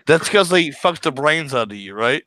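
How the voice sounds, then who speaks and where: A man's voice: fairly high pitch, animated, moderate pace, pushed and bright, no echo, low-quality recording. A man bantering casually on a livestream, crude and laughing often. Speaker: co-host, army veteran.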